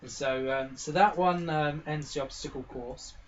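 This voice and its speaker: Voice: medium pitch, normal speed, muffled recording, slight background noise. A game master narrating a pony tabletop role-playing game in a rambling, casual way full of fillers.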